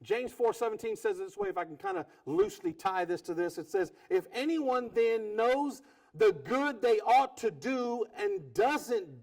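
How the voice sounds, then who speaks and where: Animated man preaching with a lively voice. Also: very high-pitched, vocal fry. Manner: animated preacher, quick repetitions and acted-out quotes. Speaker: pastor. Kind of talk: sermon.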